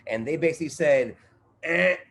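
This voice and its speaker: A man's voice: on the high side, animated, normal speed, a little hiss or hum. A man guest on a podcast, telling a story in casual chat, full of profanity, street slang and fillers.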